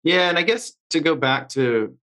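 A man's voice: a little high, normal speed, pushed and bright, rough recording. A man hosting a podcast, who talks in a rambling, hesitant way with many fillers during a casual interview. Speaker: podcast host.

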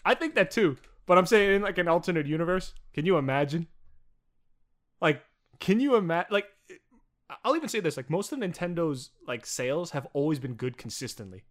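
A man's voice: a little high, animated, brisk, a bit bright. A young man co-hosting a podcast in casual chat, rambling with lots of fillers and frequent swearing. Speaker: podcast co-host.

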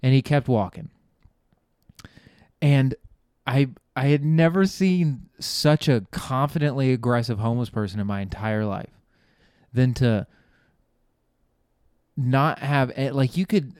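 A man's voice: mid-range voice, a little slow, long pauses, a little mellow, smooth, no echo, clean studio sound. A man hosting a podcast, telling a rambling, profane comic story and laughing at his own jokes. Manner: rambling, profane, trails off and restarts. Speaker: podcast host. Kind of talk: casual comedic storytelling.

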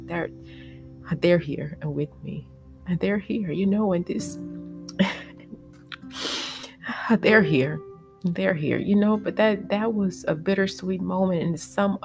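A woman tells a personal story as a podcast host, her voice gravelly with fry. She speaks haltingly and with feeling, pausing on fillers and restarting her words, while soft guitar music plays behind her. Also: lowish voice.

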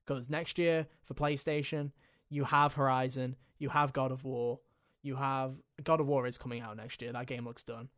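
A man hosting a casual gaming podcast, talking in an animated, jokey way and riffing with friends. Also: mid-range voice, moderate pace, hardly any pauses. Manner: animated, jokey, mimics silly voices. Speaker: podcast host. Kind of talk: casual chat.

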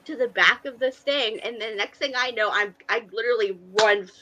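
A woman's voice: a little high, normal speed, pushed and bright, muffled recording, slight background noise. A woman co-hosting a casual podcast chat, telling a story with lots of energy, acting out the dialogue and swearing freely. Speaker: podcast co-host.

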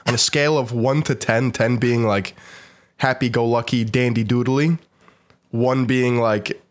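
A man's voice: medium pitch, fairly even intonation, a little slow. A young man co-hosting a podcast remotely, talking casually while sick, his voice stuffy and congested, swearing and laughing often. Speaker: podcast co-host. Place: not in the studio.

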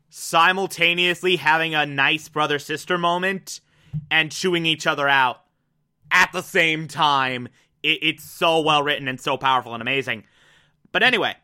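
A man giving a casual, excitable episode recap, with lots of "like" and "uh" and some swearing. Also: on the high side. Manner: excitable, profane, filler-heavy.

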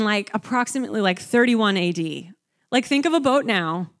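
A young woman preaching a conversational sermon, animated and talking to the congregation, acting out scenes. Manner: animated, conversational, acts out the disciples with rising pitch.

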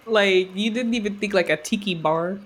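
A woman's voice: medium pitch, normal speed. A woman co-hosting a podcast in casual chat, playful and teasing, jumping between topics. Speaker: podcast co-host.

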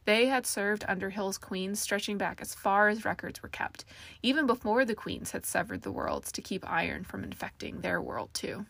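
A woman reads a fantasy audiobook in a steady, even storytelling manner. Her voice sits mid-range with a pronounced gravelly fry, and the sound is close and dry with no room around it. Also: medium pitch, normal speed, dry recording. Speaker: narrator. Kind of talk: audiobook narration.

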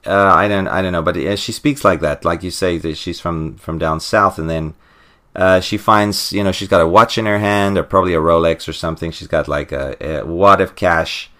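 A man's voice: low voice, normal speed, pushed and bright. A man co-hosting a podcast, casually retelling a comic book plot with lots of "uh" and "you know.". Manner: rambling, full of fillers and restarts. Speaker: podcast co-host. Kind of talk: casual comic recap chat.

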